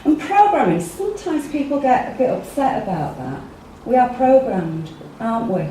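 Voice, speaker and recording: A woman's voice: on the high side, sing-song, moderate pace, warm tone, a little hiss or hum. A woman with an English accent giving a chatty workshop talk, often putting questions to the audience. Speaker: workshop speaker. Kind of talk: interactive talk to a small group. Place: meeting room with a live audience. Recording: echoey room, mic far off.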